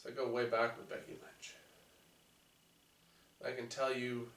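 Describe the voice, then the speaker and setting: A man co-hosting a laid-back podcast, adding dry quips and side comments. He speaks at a middle pitch. He sounds far from the mic, with a lot of room echo. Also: completely flat delivery, measured pace, fairly bright tone. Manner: dry joking asides. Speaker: podcast co-host. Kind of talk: casual wrestling chat. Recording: roomy, distant mic.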